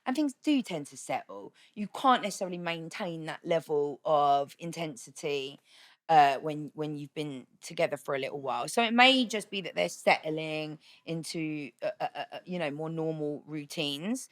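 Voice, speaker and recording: A woman's voice: sits low, moderate pace. Blunt woman talking candidly. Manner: blunt, candid, swears freely. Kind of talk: casual podcast chat.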